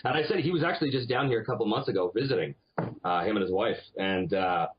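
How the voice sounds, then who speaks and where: A man from Canada, a voice actor guest, chatting casually in an interview and telling animated stories. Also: fairly low pitch, fast, muffled recording, noisy background. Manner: animated storyteller, slips into accents.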